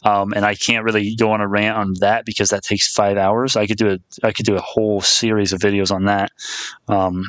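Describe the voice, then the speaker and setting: A man's voice: fairly low pitch, flat delivery, brisk, a bit bright, no room sound. A young man chatting casually on a live stream about stocks, rambling, restarting his phrases and calling viewers "my friend".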